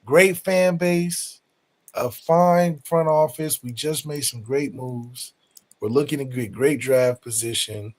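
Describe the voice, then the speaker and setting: Male podcast host, medium pitch; dry, deadpan trolling delivery. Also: slow pace. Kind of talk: casual sports banter.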